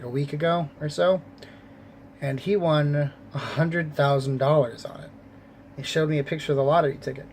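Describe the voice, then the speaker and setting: Profane, animated man telling a story. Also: a little high, slight background noise. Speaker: convenience store clerk. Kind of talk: casual storytelling vlog.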